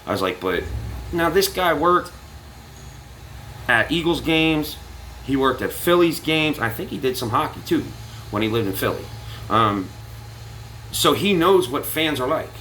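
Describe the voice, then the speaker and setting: Man, casual storytelling vlog, lively intonation, bright forceful tone, profane. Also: a little high, measured pace, pauses often, a little hiss or hum, low-quality recording. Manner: animated, profane, acts out quotes. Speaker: vlogger.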